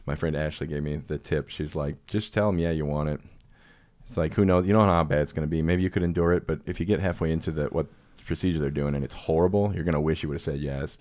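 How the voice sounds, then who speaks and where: A man telling a long personal story in casual podcast chat, animated and laughing often, slipping into quick impressions of the people in it. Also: a bass voice.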